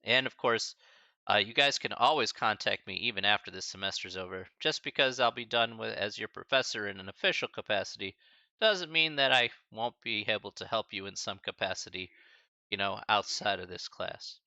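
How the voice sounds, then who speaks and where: A man teaching a math class on a live stream, saying goodbye to his students in a halting, emotional and casual way, often calling them buddy and man. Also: on the low side, creaky, sharp tone, dry recording, muffled recording. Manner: halting and choked up, many restarts and sighs; casual, friendly, calls listeners buddy and man. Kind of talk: emotional farewell talk to a live stream chat.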